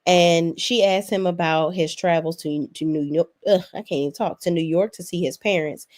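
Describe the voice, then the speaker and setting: Woman, lowish voice, sassy and profane, casual recap host talking back to the screen. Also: fairly even intonation, normal speed, a little mellow. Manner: sassy, blunt, profane, talks straight to the cast. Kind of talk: casual opinionated recap commentary.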